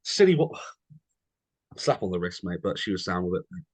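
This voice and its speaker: Here is a young man with a fairly low voice, talking loosely on a podcast. He tells stories and drops "mate" into almost every sentence. The sound is close and dry, with no room around it. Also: very animated, brisk, darkish tone, slightly rough, no echo. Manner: chatty, says mate constantly, tells anecdotes. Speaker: podcast co-host. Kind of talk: casual chat.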